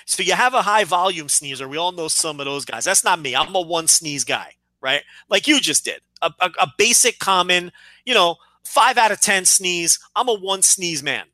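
Bright-voiced man on a podcast. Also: high-pitched, expressive, normal speed, dry recording. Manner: rambling, repeats words while thinking. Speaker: podcast co-host. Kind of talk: casual chat.

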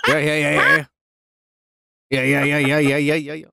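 A man's voice: fairly high pitch, monotone, normal speed, gravelly, very noisy. A man co-hosting a casual podcast, reading viewer comments and joking in a rambling, profane way with lots of fillers. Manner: profane, rambling, many fillers and repeated yeahs. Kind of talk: casual drunk podcast banter.

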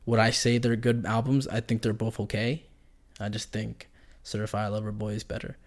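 A man's voice: on the low side, level tone, moderate pace. A man hosting a casual solo podcast, rambling and joking in a slangy way. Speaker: podcast host.

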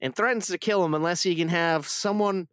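A man hosting a podcast in casual, joking, animated chat with his co-host. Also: high voice, brisk, no room sound.

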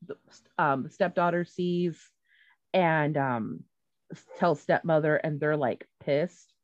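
A woman with a fairly low voice retells a story in loose, casual chat, piling on fillers, restarts and swear words. The recording is dry and a little dull. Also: slow pace, no echo. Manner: rambling and profane, with many fillers and restarts.

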